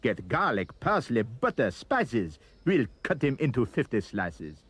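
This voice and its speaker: A man voicing a greedy crowd of townsfolk shouting excitedly about a feast. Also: on the high side, a little slow, husky, voice pushed up, exaggerated voice. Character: greedy shouting French townsfolk, male mob.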